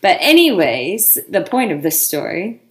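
A woman's voice: on the low side, sing-song, a little slow. A woman from the American Midwest co-hosting a podcast, chatting casually and laughing often. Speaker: podcast co-host. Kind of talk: casual chat.

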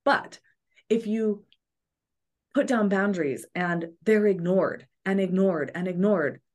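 A woman therapist, a podcast guest, giving earnest advice in a coaching manner. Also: fairly low pitch. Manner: earnest, coaching, acts out examples.

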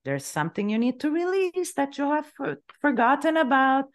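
A woman's voice: sits high, very animated, normal speed. A woman life coach speaking as an interview guest, earnest and reassuring, often repeating words for emphasis. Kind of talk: interview conversation.

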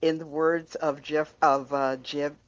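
A woman's voice: low voice, flat delivery, a little slow, dry recording, muffled recording. A woman co-hosting a casual podcast, playful and teasing, laughing often. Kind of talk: casual chat.

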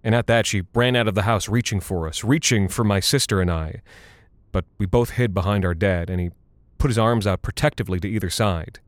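A man giving a measured, somber first-person scripted horror narration. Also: lowish voice, no echo. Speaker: narrator and voice actor.

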